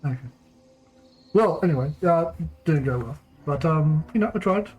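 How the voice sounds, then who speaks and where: A woman's voice: low voice, expressive, moderate pace, a little mellow, highs cut off. A woman playing a tabletop game, hesitant and laughing often. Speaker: player. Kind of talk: casual tabletop game chat.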